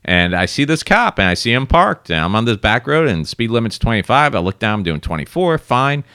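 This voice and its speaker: A man's voice: medium pitch, big pitch swings, brisk, bright, forceful tone, smooth, dry recording, clean studio sound. A man from South Florida, co-hosting a podcast, telling a rambling and profane story in casual chat. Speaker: podcast co-host.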